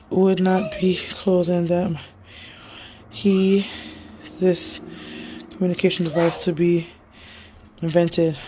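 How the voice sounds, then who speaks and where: A woman's voice: on the low side, a little mellow. A young woman vlogging casually while she cleans, rambling and chatty, talking to a child off camera and reading comments aloud.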